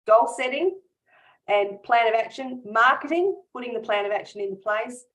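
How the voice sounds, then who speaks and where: A woman's voice: a little high, animated, normal speed, fairly bright tone, lo-fi sound. A woman business coach in a casual interview, talking earnestly and from the heart, with frequent small laughs and restarts.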